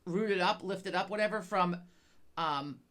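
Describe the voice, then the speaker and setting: A woman co-hosts a podcast, chatting casually in a lowish, unhurried voice with a fairly bright tone. She rambles, swears often, and stammers over her words.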